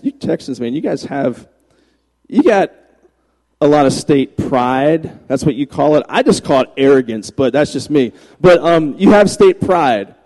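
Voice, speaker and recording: Pastor guy from virginia cracking jokes mid sermon, kinda high mellow voice, big echoey church hall. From Virginia, USA. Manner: chatty, joking, animated anecdotes. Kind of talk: humorous sermon storytelling. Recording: long reverb of a large hall.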